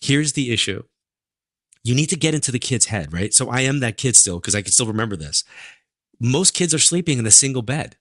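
A man, a psychic medium telling stories as a podcast guest in an animated, chatty way full of fillers. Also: medium pitch, fairly quick, dry recording, studio quality. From New York. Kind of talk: casual interview storytelling.

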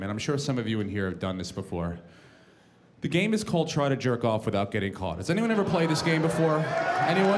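A male stand-up comedian from New York with a New York accent, ranting in a profane, exasperated way and acting out bits of dialogue. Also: medium pitch. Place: comedy club stage before a live audience. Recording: live club recording with crowd and room noise.

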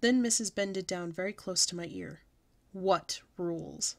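Woman storyteller, expressive read-aloud of a children's book. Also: medium pitch, fairly quick. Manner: lively, expressive storybook reading.

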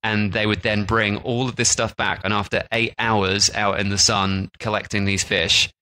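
A man's voice: lowish voice, flat delivery, moderate pace, pushed and bright, a little hiss or hum, rough recording. A man co-hosting a travel podcast, chatting casually with plenty of "like" and restarts. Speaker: podcast co-host. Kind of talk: casual chat.

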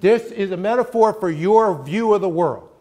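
A man's voice: sits high, normal speed, mellow. A middle-aged man giving a conversational college lecture, emphatic and often checking in with the audience. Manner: emphatic, keeps checking in with "right?". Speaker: guest lecturer.

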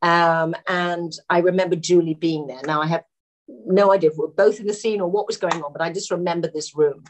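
A middle-aged actress chatting as a podcast guest, telling anecdotes and laughing often. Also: female voice, on the low side, steady tone, a little fast, a little hiss or hum. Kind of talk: casual podcast interview.

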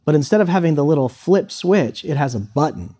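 A man in his thirties, a guest speaker at a high school, tells students a personal story in a loose, conversational style full of fillers. His voice is a little high, mellow and husky, with lively intonation and a brisk pace.

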